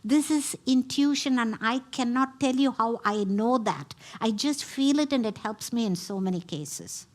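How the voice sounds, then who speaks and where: A woman's voice: fairly high pitch, animated, normal speed, few pauses. A middle-aged woman giving a talk, retelling a story emphatically with quoted dialogue. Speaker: speaker at a spiritual center.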